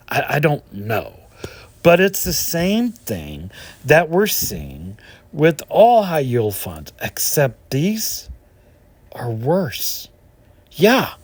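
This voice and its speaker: A man talks through stock charts with lively ups and downs in his pitch. He sounds indignant and keeps asking rhetorical questions. The sound is dry and close. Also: no echo. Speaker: finance channel host. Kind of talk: casual commentary over stock charts.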